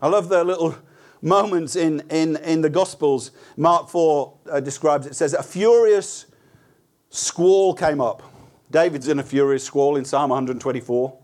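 A high-voiced man preaches an earnest, conversational sermon. He often restarts his words and turns to the listeners with rhetorical questions. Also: steady tone, moderate pace.

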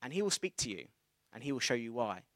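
A man delivers a sermon, weaving in a personal anecdote with a lively, chatty manner. His voice sits at an ordinary middle pitch. The sound is close and dry, with no room echo. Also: fast talker. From England. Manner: conversational storytelling, animated retelling of dialogue. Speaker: preacher.

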